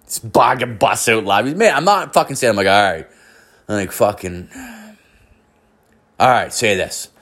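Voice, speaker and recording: A man's voice: lowish voice, animated, measured pace, pauses often, a bit bright. A young man hosting a podcast who tells a story in a loose, rambling way, swearing often, piling on filler words and acting out other people's lines in a raised voice. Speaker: podcast host. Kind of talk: casual storytelling monologue.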